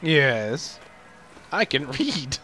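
Young man, let's play commentary, joking, excitable, bright lively voice. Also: mid-range voice, drawn-out words, faint music behind. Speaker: gamer.

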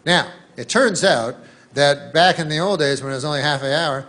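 Deadpan man telling a rambling stand-up bit. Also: on the high side, moderate pace. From Canada. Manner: rambling, deadpan, puts on voices for newsmen. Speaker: stand-up comedian.

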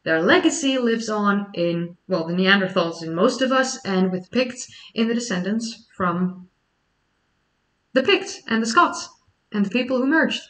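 A woman's voice: medium pitch, lively intonation, unhurried, fairly bright tone, far from the mic, rough recording. A young adult woman from the Netherlands with a Dutch accent, chatting casually on a livestream and explaining history questions at length. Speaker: history YouTuber.

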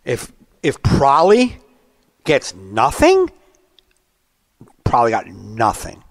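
Comic in his thirties, mid-pitched, dry booth sound, lively war-story delivery. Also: takes it slowly, gravelly, no room sound. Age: 30s. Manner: animated storyteller, acts out rants. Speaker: stand-up comedian, podcast co-host. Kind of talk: casual podcast chat.

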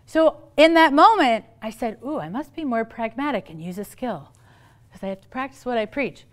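Middle-aged woman speaker on parenting, playful and quick, fairly high voice. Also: expressive. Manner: playful, quick asides, acts out quoted voices. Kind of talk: lively talk to a live audience.

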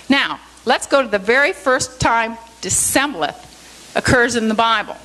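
A woman leads a church Bible study in a plain, explanatory teaching voice. She walks through each point step by step and keeps tagging her sentences with a questioning "okay?" to check her listeners are following. Now and then she pokes gentle fun at herself. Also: on the high side, low-quality recording. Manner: self-deprecating, light humor.

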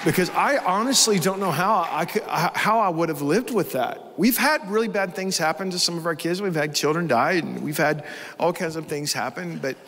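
A man's voice: fairly high pitch, normal speed, a bit bright, big-room sound, some chatter behind. A man preaching a sermon as pastor, telling a story with strong emotion. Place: church hall with live congregation.

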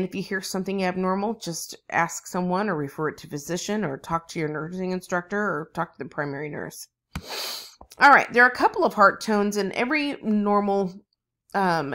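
A woman's voice: lowish voice, a bit bright. A woman teaching nursing students in a recorded lecture, explaining at an easy pace with frequent ums and chanting rhythms aloud. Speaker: nursing instructor.

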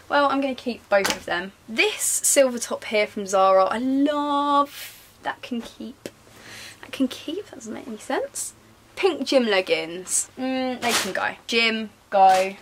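A young woman with a slightly high voice talks casually as a lifestyle vlogger. She rambles and laughs at herself. She moves between bright, loud remarks and soft whispered asides. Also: slight background noise. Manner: rambling, self-mocking, giggly, talking to herself. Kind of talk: casual chatty voice-over.

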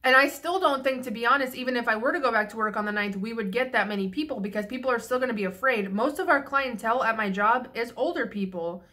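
Bright-voiced young woman venting profanely. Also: a little high, fast talker, hardly any pauses. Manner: frank and profane, rambling with restarts. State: slightly tipsy. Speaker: vlogger. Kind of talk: casual venting monologue.

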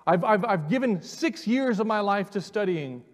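In a church sanctuary, a man in his forties delivers a sermon that includes his own testimony. His voice sits high, with lively intonation and a normal speed. He is earnest, repeats words, and calls the congregation forward, all carried by the hall's long reverb.

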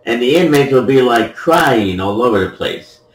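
A man's voice: medium pitch, expressive, normal speed. A man giving playful, joking commentary over a game replay, laughing at his own jokes, in an echoey room with the mic at a distance. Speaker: gameplay commentator.

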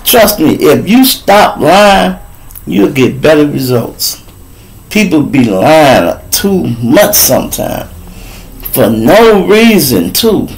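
Gravelly Chicago man telling stories. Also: fairly high pitch, very animated, slow pace, poor audio. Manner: laid-back, crude, talks straight to the listeners. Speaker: show host. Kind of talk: storytelling talk show.

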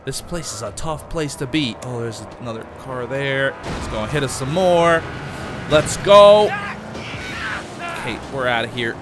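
A man hosting a let's play, commenting as he plays, with excitable, panicky exclamations under fire. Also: mid-range voice, a little slow, music in the background. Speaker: gaming channel host.

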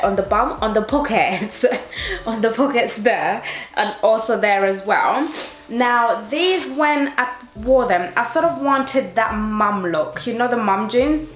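A woman's voice: medium pitch, a bit bright. A woman with an accent mixing London and Northeast English, talking casually and chattily to her viewers in a try-on haul. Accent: mix of London and Northeast English. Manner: chatty, addressing viewers directly. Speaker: fashion YouTuber. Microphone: camera mic. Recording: echoey room, faint music.

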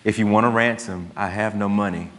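A preacher voicing a calm, threatening father on the phone. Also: on the low side, brisk, voice pushed down, natural voice. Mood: steady menace. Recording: long church hall reverb.

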